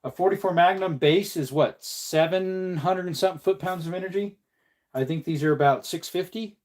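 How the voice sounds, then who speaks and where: A man with a fairly high voice hosts a casual live stream. He jokes around and answers viewer comments as he works. He sounds relaxed and chatty while he hand-loads ammunition. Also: moderate pace. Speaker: livestream host.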